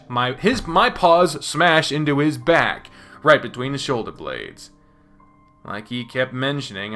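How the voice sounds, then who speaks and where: A man giving a dramatic first-person reading of a visual novel, expressive and profane, moving between hushed and loud. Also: mid-range voice. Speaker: reader voicing a visual novel.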